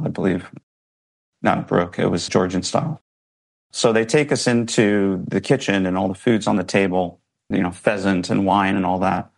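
Low gravelly man telling a story. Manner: earnest, reflective, emotional. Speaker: interview guest. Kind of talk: personal storytelling.

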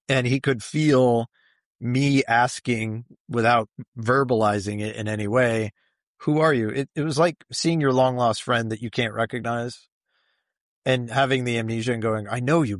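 Man slowly telling a personal story. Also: medium pitch, dry recording, clean studio sound. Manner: reflective, searching for words, many fillers. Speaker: interview guest. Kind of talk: recounting a personal experience.

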